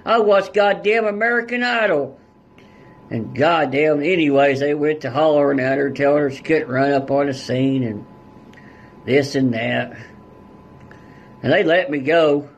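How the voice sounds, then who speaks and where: A man's voice: medium pitch, steady tone, a little slow, slightly rough. A man guest on a podcast telling a story in a casual, blunt way, with heavy swearing and rural turns of phrase. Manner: blunt and heavily profane, rural dialect.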